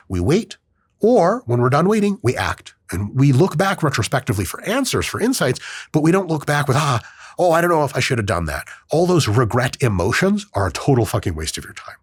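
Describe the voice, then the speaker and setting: A man's voice: medium pitch, breathy edge, dry recording, studio quality. A man hosting a podcast in casual chat, swearing freely and acting out quoted voices. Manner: profane, animated, acts out quoted voices. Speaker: podcast host.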